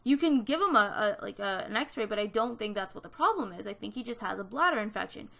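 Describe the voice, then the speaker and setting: A woman's voice: medium pitch, lively intonation, quick pace, vocal fry, a bit bright. A woman in her twenties from Canada, telling a story in casual chat over a gaming video, with lots of fillers. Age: 20s. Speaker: gaming vlogger.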